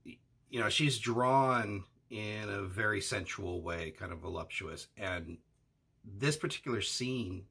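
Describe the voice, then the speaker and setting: A man leads a casual anime discussion, posing questions and filling gaps with "uh" and "you know." His lowish voice is gravelly and husky. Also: unhurried, sharp tone. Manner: asks questions, hedging with fillers like "uh" and "you know".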